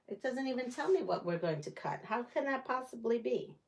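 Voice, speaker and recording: Sewing on a live stream, this quilting channel host chats and laughs a lot with viewers from her quilting room. She speaks at normal speed in a fairly bright, higher voice with big swings in pitch.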